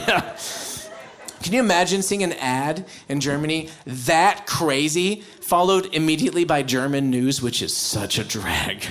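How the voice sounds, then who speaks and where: Lively American stand-up comic, high voice. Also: male voice, measured pace. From United States. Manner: animated, mock-shouting punchlines, loud impressions. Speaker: stand-up comedian. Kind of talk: live stand-up set. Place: comedy stage before a live audience.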